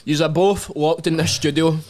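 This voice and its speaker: Laughing podcast host. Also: male voice, on the high side, fairly even intonation, normal speed, a little mellow. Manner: laughs often, swears. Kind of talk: casual banter.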